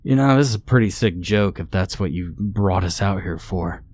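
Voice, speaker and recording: A man's voice: low-pitched, normal speed, a little mellow, close to an everyday voice. A man voicing a scared young male camper who talks in a tense half whisper.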